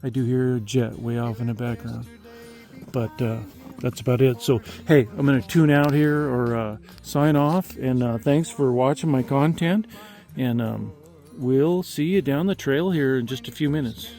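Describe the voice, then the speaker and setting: A man's voice: mid-range voice, moderate pace, warm tone, faint music behind. A man in his fifties rambling folksily with lots of fillers, vlogging outdoors at night in the countryside. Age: 50s.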